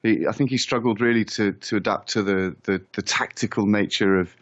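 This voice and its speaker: Low-voiced football pundit on a dull line. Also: male voice, fairly even intonation. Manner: hesitant, many restarts, measured. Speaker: football correspondent. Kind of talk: pundit answering on a radio phone-in.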